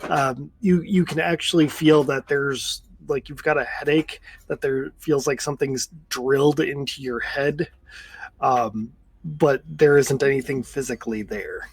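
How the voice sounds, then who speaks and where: Slow, measured male game master. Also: medium pitch, fairly even intonation, vocal fry, slightly rough, no echo. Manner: slow, measured, ominous descriptions. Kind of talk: narrating a tabletop game.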